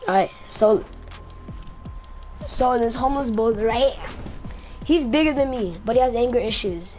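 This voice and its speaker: Close to her own mic, a woman with a slightly high, warm voice rambles through a casual storytime at a measured pace, pausing often. She repeats herself and tacks "right?" onto most lines, with soft music in the background.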